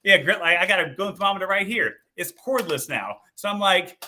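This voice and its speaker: A man's voice: high-pitched, expressive, brisk, pushed and bright, a little hiss or hum. A man hosting a casual live stream, upbeat and promotional, chatting with a co-host and reading out viewer comments. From Texas.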